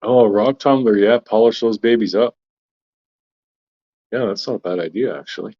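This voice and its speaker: A man's voice: on the low side, normal speed, warm tone, dull audio. A Canadian man co-hosting a casual live chat, joking and laughing often as he talks. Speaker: co-host of a live chat stream.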